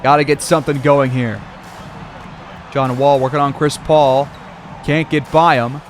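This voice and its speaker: A man's voice: mid-range voice, level tone, measured pace, soft background music. A man calling a simulated basketball game play-by-play like a sportscaster, with casual asides. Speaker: gaming video creator.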